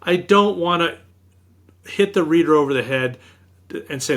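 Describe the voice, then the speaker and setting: Bright-voiced middle-aged male author. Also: a little high, normal speed. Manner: animated anecdotes, acts out quoted speech. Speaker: author guest. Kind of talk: interview storytelling.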